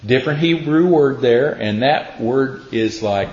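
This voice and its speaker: A man's voice: medium pitch, a little slow, hardly any pauses, darkish tone. A man preaching a conversational sermon, folksy and casual, acting out scripture in everyday speech. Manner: casual, folksy, acts out scripture in plain talk. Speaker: pastor. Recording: roomy, dull sound.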